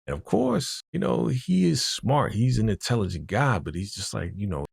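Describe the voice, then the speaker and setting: Deep gravelly man recapping a show. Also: very animated, moderate pace, dry recording, studio quality. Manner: retells scenes in quoted dialogue, openly indignant. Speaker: TV recap vlogger. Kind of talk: casual reaction and recap.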